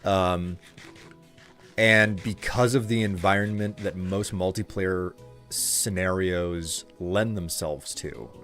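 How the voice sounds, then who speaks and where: A man's voice: low-pitched, fairly even intonation, slow, a bit bright, faint music behind. A man streaming a game live, chatting with viewers in a loose, rambling way full of fillers and restarts. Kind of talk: casual chat while streaming a game.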